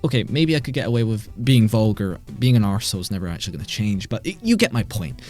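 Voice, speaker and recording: A man's voice: fairly low pitch, sing-song, fast talker, a little mellow, faint music behind. A British man rambling casually into a microphone as host of his gaming channel, sweary and self-deprecating. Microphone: desk microphone.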